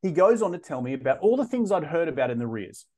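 Animated man telling his story. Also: a little high, quick pace. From Australia. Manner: animated, frequent restarts and repeated words. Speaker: podcast guest. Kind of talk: casual interview storytelling.

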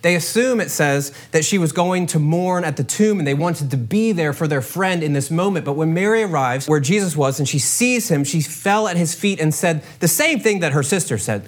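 A man's voice: on the high side, expressive, moderate pace, few pauses. A man pastor giving a conversational sermon, joking and acting out the people in the story. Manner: conversational and humorous, acting out Bible characters with laughs. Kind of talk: casual sermon.

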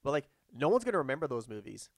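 A man's voice: mid-range voice, very animated, rapid-fire, gravelly, no room sound, studio quality. A man chatting casually about movies, rambling, with frequent fillers and restarts.

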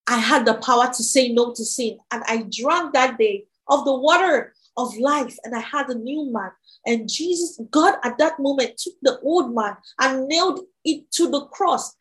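Here a high-pitched, fairly bright-toned young woman speaks at a moderate pace while giving a testimony sermon. Her delivery is earnest and emphatic, with frequent repetition, captured on a rough recording.

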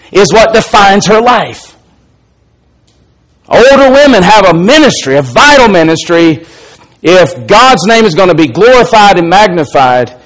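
A middle-aged man with an Alabama accent preaches from the pulpit. His voice sits somewhat high, and he tells stories with rising, emphatic force. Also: poor audio. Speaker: pastor. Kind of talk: sermon.

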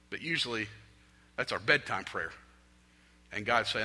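A young adult man preaching a sermon from a stage, swinging between loud appeals and hushed, prayerful lines. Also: lowish voice, animated, moderate pace, pauses often. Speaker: pastor. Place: stage in a large hall. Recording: long hall reverb.

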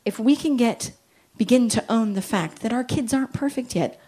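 A woman and parent giving a lively Christian talk on parenting, joking and acting out little quoted voices. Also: fairly high pitch, moderate pace, breathy edge. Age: adult with children. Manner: animated, jokey, acts out quotes.

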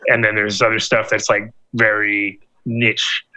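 A man's voice: fairly low pitch, completely flat delivery, measured pace, sharp tone, low-quality recording. A man hosting a podcast in casual chat, rambling and swearing with lots of fillers and restarts. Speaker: podcast host.

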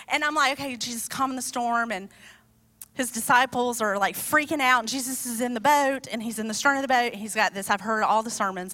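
High, bright-voiced woman preaching. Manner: conversational, animated storytelling with asides. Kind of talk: sermon. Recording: long hall reverb.

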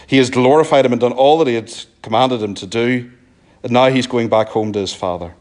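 A man with a Northern Irish accent preaching a sermon, earnest and pleading, often sinking to a soft, low emphasis. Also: a little fast. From Northern Ireland.

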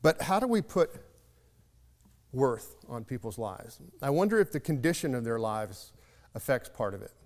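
Earnest preacher in a reverberant hall. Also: male voice, medium pitch, big pitch swings, moderate pace, darkish tone. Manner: earnest, reflective, varies pace for emphasis. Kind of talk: sermon with storytelling. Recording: long reverb of a large hall.

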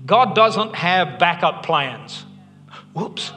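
A man's voice: high voice, expressive, normal speed, pushed and bright. A man preaching a sermon as pastor, conversational and earnest with joking asides. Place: church hall. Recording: long hall reverb, faint music.

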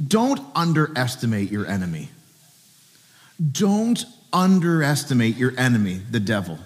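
A man's voice: medium pitch, big pitch swings, normal speed, in a large hall. A pastor preaching a sermon at a church service, earnestly asking his listeners direct questions.

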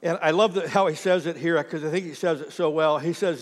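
A man with a high, light voice delivers a sermon, telling stories with lively energy and speaking directly to the congregation. His words ring out with a long reverb, as if recorded live in a large hall. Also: a little fast, hardly any pauses. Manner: animated storytelling, talks straight to the congregation. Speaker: pastor.

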